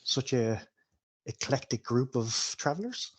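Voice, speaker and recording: A man voicing a friendly, chatty male hobbit farmer in a tabletop game, in a higher, rustic voice. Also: expressive, unhurried. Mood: welcoming.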